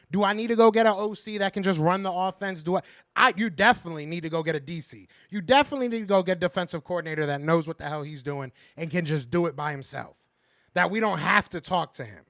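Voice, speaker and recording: A man's voice: sits high, fairly bright tone, dry recording, clean studio sound. A man hosting a casual fan podcast, ranting in frustration, repeating himself and answering viewers' chat. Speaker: podcast host reading live chat.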